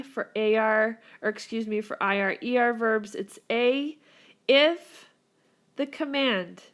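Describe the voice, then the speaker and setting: A woman's voice: a little high, fairly bright tone. A woman teacher recording a whiteboard grammar lesson for her students, upbeat and encouraging as she walks them through the rules. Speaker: Spanish teacher.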